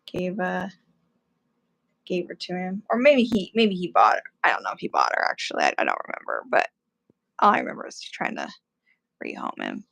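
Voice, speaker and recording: A woman's voice: fairly low pitch, huge pitch swings, a little fast, vocal fry, long pauses, fairly bright tone. A woman co-hosting a casual chat while painting, telling stories and laughing easily. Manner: chatty storyteller, laughs easily. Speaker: co-host, artist.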